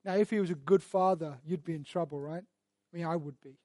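A man preaching a sermon and teaching through Bible verses, speaking earnestly, often repeating words as he restarts, and building to loud emphatic passages. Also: a little high, fairly quick, dry recording. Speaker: pastor.

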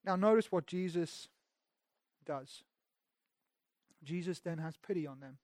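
Speaking a little slowly, a male pastor gives a sermon in a fairly high voice, shifting dramatically between emphatic loudness and quiet intimacy. He tends to repeat himself or start lines over, captured in a dry, close recording without echo.

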